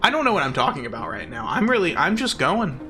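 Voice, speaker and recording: A man's voice: high-pitched, very animated, fast, pushed and bright, faint music behind. A young man streaming a game, rambling in casual, goofy, self-mocking chatter.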